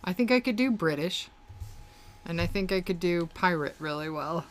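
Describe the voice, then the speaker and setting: Low-voiced rambling female co-host. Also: expressive, normal speed. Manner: rambling, with fillers and laughs. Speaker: podcast co-host. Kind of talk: casual chat.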